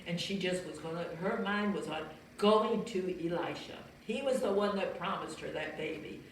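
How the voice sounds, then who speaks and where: Gentle woman telling a children's story. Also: on the low side, moderate pace. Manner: gentle, explains and asks listeners questions. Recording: very echoey room, far from mic, faint noise.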